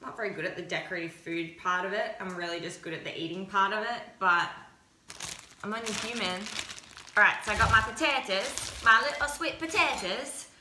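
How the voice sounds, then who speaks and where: A woman's voice: fairly low pitch, a little fast, noisy background. Chatty young woman cooking in an echoey kitchen. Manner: chatty, self-mocking, giggly. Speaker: cooking vlogger. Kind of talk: casual cooking chat. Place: home kitchen.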